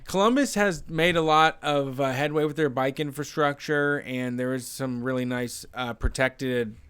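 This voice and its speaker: A man hosting a call-in show, chatting in a relaxed way with casual swearing. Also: medium pitch, normal speed, clear, resonant tone. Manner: laid-back, swears casually. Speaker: host. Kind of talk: casual chat.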